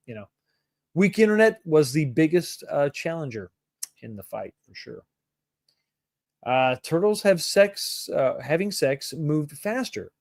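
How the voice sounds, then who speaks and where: A middle-aged man talks loosely to his livestream audience, joking and calling out viewers by name. His voice sits a touch high for a man. The sound is dry and close, with no room around it. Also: darkish tone, no room sound. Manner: laid-back, jokey, greets viewers by name. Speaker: livestream host reading chat. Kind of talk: casual chat.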